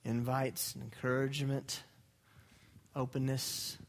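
A man's voice: medium pitch, level tone, takes it slowly, gravelly. A man leading a church group discussion, giving short affirming responses and inviting others to share. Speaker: small group leader.

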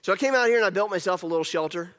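A man acting out a petulant, aggrieved prophet who rants in the first person about his miserable week. The voice sits fairly high for a man. It rings out with a long church-hall reverb. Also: very fast, fairly bright tone. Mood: exasperated. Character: Jonah, sulking angry adult male prophet. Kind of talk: first-person dramatic monologue in a sermon.

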